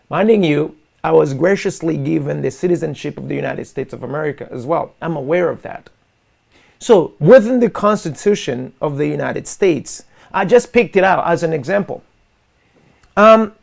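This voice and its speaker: Gravelly, high-pitched impassioned male host. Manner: forceful, repetitive, addresses listeners as guys. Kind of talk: impassioned monologue to an online audience.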